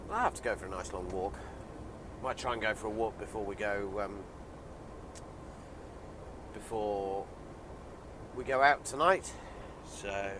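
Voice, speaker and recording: A man's voice: on the low side, noisy background. A man vlogging casually with a head cold, chatty and rambling with many ums. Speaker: lorry driver vlogger. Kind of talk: casual vlog chat. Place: lorry cab while driving, then outdoors on a hill.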